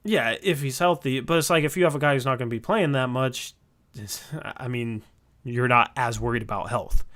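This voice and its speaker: A man co-hosting a casual sports podcast, arguing his opinions at length with quick asides. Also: mid-range voice, a bit bright. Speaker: podcast co-host.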